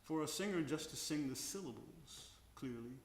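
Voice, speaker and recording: On a concert house stage during a Q&A, an older veteran opera tenor reflects slowly on singing, now and then singing short examples to illustrate. His voice is on the high side and expressive, heard in an echoey room.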